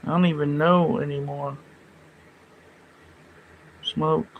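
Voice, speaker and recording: A man talks loosely to his livestream audience, his voice sitting a little high for a man. He rambles, jokes at his own expense and answers the chat as he goes. A faint hiss sits under the recording. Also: flat delivery, takes it slowly, narrow, tinny audio. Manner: rambling, self-mocking, reads chat aloud. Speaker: livestream host.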